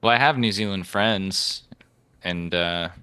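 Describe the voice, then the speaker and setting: A man's voice: low voice, unhurried, sharp tone, smooth, dry recording. A man moderating a live-streamed debate, reading out donations and joking with the guests in a teasing, casual way.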